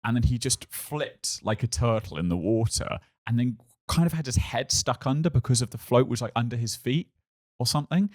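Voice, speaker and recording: A man's voice: medium pitch, fairly quick, hardly any pauses. A man, a podcast guest, telling a funny story in casual chat. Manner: animated, acts out shouted quotes.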